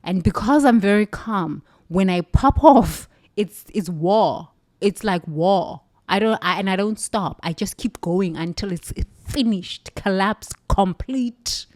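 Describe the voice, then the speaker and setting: A woman's voice: medium pitch, animated, slow pace, a little mellow, no room sound, studio quality. A South African woman giving an intense, emphatic motivational talk, repeating phrases for effect. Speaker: speaker. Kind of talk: forceful motivational monologue.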